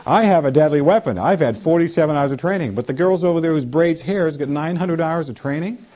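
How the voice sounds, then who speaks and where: A man preaching a sermon in an animated way, with humorous asides. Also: fairly high pitch, fairly quick.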